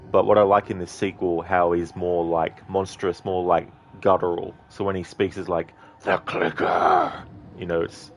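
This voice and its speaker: A man's voice: low-pitched, slight background noise. A man giving casual, rambling commentary over gameplay, full of fillers. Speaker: game streamer.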